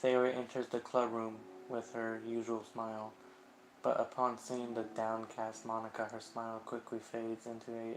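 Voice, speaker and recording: A man streaming a visual novel game, reading the narration aloud and reacting live, unhurried and quick to swear when surprised. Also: mid-range voice, monotone, slight background noise.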